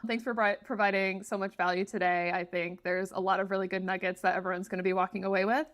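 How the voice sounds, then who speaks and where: A woman's voice: mid-range voice, little pitch movement, fairly bright tone. A woman hosting a podcast interview, upbeat and encouraging, chatting casually with her guest. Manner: upbeat, encouraging, quick to laugh. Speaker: podcast host.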